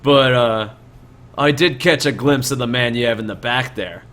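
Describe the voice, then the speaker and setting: Man playing a greedy bandit chief, menacing, mocking, loud and pushy. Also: mid-range voice, normal speed, close to an everyday voice. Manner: menacing, mocking, calls people mate. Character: swaggering male bandit leader demanding a toll.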